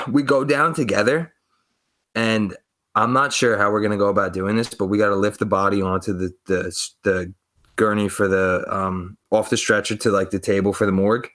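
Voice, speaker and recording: Lowish-voiced man telling a rambling story. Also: fairly bright tone. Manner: rambling, swearing, acts out quoted voices. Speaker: podcast co-host. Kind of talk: casual storytelling.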